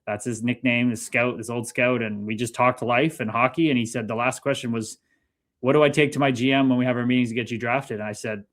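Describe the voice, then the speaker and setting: A man in his thirties recounts his past in an easy, conversational way, with pitch sitting right in the middle for a man. He gets animated and acts out the people in his stories, with a casual swear here and there. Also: brisk. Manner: animated, swearing, lively retelling with quoted dialogue. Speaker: interview guest, former pro hockey player. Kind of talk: casual storytelling.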